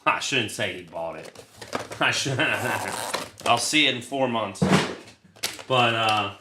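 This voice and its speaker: A man's voice: fairly low pitch, slow, heavy background noise. A man hosting a card break, chatting casually and swearing freely while he calls out the cards he pulls. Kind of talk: casual livestream chat while opening cards. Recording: roomy echo.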